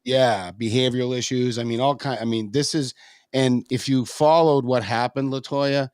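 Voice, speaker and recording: Male co-host, mid-pitched, thoughtful and digressive, dead-dry studio mic. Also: steady tone, darkish tone, clear, resonant tone, no echo. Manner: measured, digressive, with frequent fillers. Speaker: co-host of a local politics livestream. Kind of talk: casual political chat. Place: radio studio.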